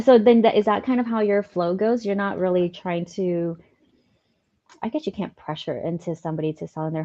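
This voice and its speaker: A woman with a lowish voice speaks haltingly over a dull, lo-fi video call. She thinks aloud and keeps checking whether she is being clear. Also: warm tone. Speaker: coaching client. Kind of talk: casual coaching call.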